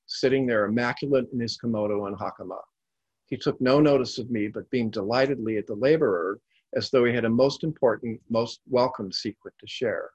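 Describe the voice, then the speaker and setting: Calm male narrator reading stories, husky voice, dry close sound. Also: medium pitch, dry recording, dull audio. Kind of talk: scripted storytelling narration.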